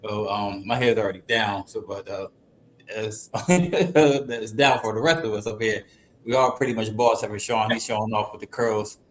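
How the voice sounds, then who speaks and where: A man's voice: lowish voice, fairly even intonation, moderate pace, slight background noise. A man hosting a casual podcast, trading teasing banter and laughing often. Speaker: podcast host.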